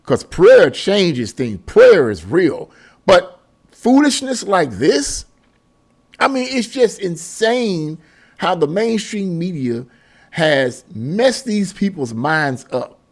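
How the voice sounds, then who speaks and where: Animated man ranting to camera. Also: high-pitched, slow pace. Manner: exasperated, repetitive, preachy; laughs mid-sentence. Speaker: political commentary vlogger. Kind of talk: casual opinion monologue.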